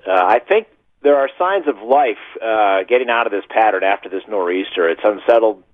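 A man's voice: fairly low pitch, animated, normal speed, no room sound. Weather guy calling in on a tinny dry phone line, chatty and rambly. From western Massachusetts. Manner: chatty, self-deprecating, stumbling over words. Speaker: TV meteorologist calling in. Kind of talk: casual phone-in chat.

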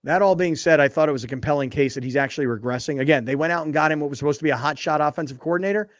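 Animated man hosting sports radio. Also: on the high side, racing, dry recording, studio quality. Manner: animated, mocking, shifts into impressions. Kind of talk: casual sports talk.

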